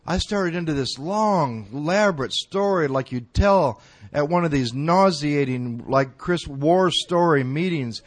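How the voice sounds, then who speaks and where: A middle-aged man with a slightly higher voice speaks to an audience at a recovery gathering. He tells his story in loose, colloquial language and pokes fun at himself as he goes. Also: measured pace, few pauses. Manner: colloquial, self-mocking, animated storytelling.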